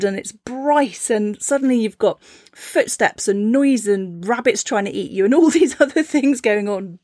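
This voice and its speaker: A woman hosting a reflective teaching talk, gentle and encouraging, with a playful storytelling manner. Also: on the high side, no echo, clean studio sound. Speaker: podcast host and spiritual teacher.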